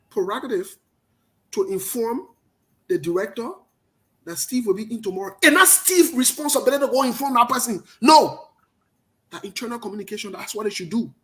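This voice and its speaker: A man with a Liberian accent giving emphatic political commentary, talking loudly and repeating his points. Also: sits high. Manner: forceful, emphatic, repetitive, passionate.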